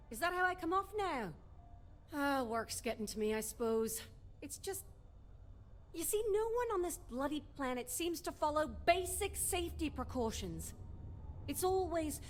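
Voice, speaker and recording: A woman's voice: very high-pitched, a little hiss or hum. A woman voicing a weary female doctor in a video game, with a blunt, exasperated, ranting manner.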